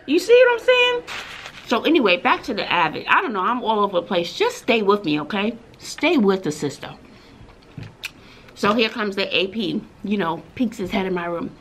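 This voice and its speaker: A woman teacher with a Texas accent chats to her phone camera on her lunch break. Her voice is bright and forceful and swings widely in pitch as she tells her stories. A faint hum sits behind her. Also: normal speed. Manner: chatty, animated storytelling with sudden squeals. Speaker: teacher and vlogger. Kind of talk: casual vlog chat. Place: school classroom at lunch.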